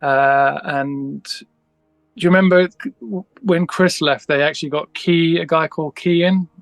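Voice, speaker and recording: A man's voice: on the high side, measured pace, gravelly, dry recording, faint music behind. A man, a guest musician, telling a long story in a casual interview, rambling with many restarts and acting out the dialogue.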